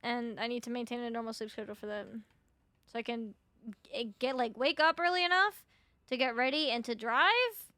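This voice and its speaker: A woman's voice: a little high, moderate pace, bright, forceful tone, dry recording, clean studio sound. A young woman streaming a video game, chatting casually with her viewers, swearing freely and sounding sleepy. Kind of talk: casual gameplay chat.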